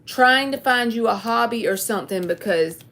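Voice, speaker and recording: A woman's voice: a little high, normal speed, a bit bright. A woman, giving a candid, folksy live tarot reading. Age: 30s. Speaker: tarot reader.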